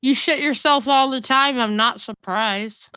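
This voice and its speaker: A woman's voice: sits high, a little slow, sharp tone, clean tone, dry recording, studio quality. A woman co-hosting a livestream in casual chat, tipsy, brash and crude, swearing a lot. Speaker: livestream co-host.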